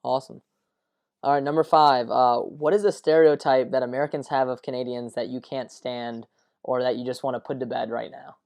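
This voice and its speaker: A man's voice: medium pitch, level tone, a little fast, a little mellow, smooth. A man hosting a sports podcast, asking questions in a friendly way with lots of fillers. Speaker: podcast host. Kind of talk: casual interview chat.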